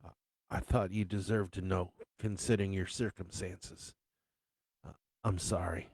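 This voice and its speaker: A man voicing an aging father, a weary, awkward ex-serviceman, who speaks in halting, apologetic fits. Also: low-pitched, steady tone, darkish tone, husky, no room sound, heavily acted. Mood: tearful.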